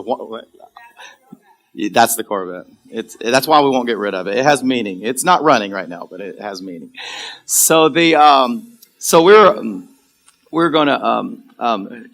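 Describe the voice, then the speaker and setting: A man with a bright, forceful voice preaches from a church pulpit, telling a story from his own life. He talks casually, with plenty of ums, and acts out the people in his tale. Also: medium pitch. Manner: animated storyteller, acts out characters, laughs often. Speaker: pastor. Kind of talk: sermon storytelling. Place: church sanctuary.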